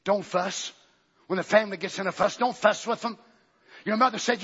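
A male pastor preaching a fervent sermon in a church, swinging between shouting and hushed talk. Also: high voice, normal speed, husky. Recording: dull recording with long hall reverb.

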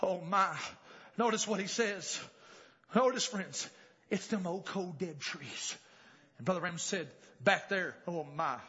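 A man preaching a revival sermon, telling a story and rising to shouted exclamations. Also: high-pitched, unhurried, pauses often, husky, highs cut off.

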